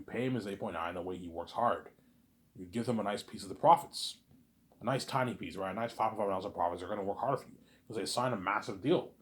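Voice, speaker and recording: A man rambling in a casual monologue, animated and repetitive, arguing with an imagined listener. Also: fairly low pitch. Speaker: vlogger.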